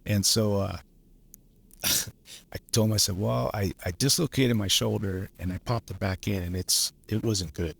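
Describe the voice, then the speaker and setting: A man from Los Angeles, a lineman, telling a story on a podcast. His voice sits low and carries a gravelly fry, and he talks in a loose, laid-back way, swearing as he goes. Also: measured pace. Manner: laid-back, swears freely, laughs through stories. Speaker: lineman guest. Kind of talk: casual storytelling.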